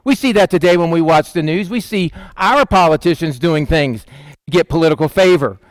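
A man preaching in a conversational style, asking the listeners questions and acting out quotes in quick voices. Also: fairly high pitch, no echo. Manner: asks the listeners questions and answers them. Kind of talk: conversational Bible teaching.

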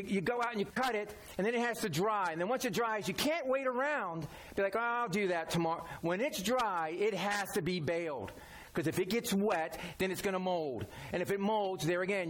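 Man, pastor, folksy conversational sermon, slightly high voice. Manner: folksy, conversational preaching with everyday examples.

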